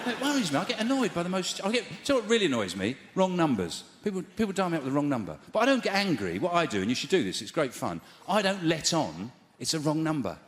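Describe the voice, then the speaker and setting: A male stand-up comedian telling exasperated stories and lurching into loud, high shouts when he acts out scenes. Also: very animated, fast, hardly any pauses. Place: large theatre stage. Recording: roomy theatre sound with loud crowd noise.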